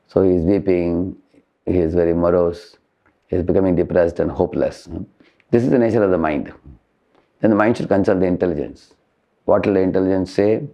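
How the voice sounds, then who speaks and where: Guy teaching spiritual stuff, deep gravelly voice, keeps going huh?, muffled dull recording. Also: a little fast, long pauses. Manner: tags points with questioning "huh?"; explains with everyday analogies. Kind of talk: lecture to college students.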